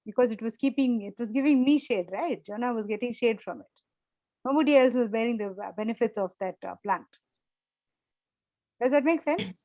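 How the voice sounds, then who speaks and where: A woman's voice: fairly high pitch, moderate pace, darkish tone, dry recording, highs cut off. A woman leading a church Bible study, explaining scripture in a conversational way and often checking in with the group. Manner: conversational, repeats points, asks the group questions.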